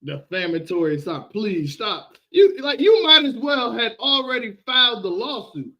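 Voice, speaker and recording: A man ranting on a casual livestream, animated and repetitive, often laughing. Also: very high-pitched, normal speed.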